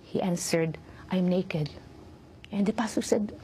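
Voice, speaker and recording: A middle-aged woman giving emotional personal testimony in an interview, speaking haltingly, repeating words and acting out quoted lines. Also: on the low side, warm tone, slight background noise. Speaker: interview guest.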